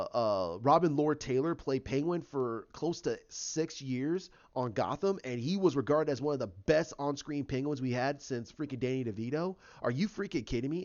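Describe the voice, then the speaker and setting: A man giving his opinions in a casual vlog, ranting in an opinionated way. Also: mid-range voice. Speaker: YouTuber. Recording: dull lo-fi recording.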